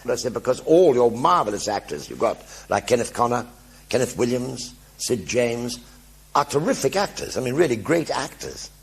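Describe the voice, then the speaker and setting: An older man telling anecdotes in a one-man stage show before an audience, animated and acting out the voices of everyone in his stories. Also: mid-range voice, normal speed, gravelly, husky. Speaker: stage performer.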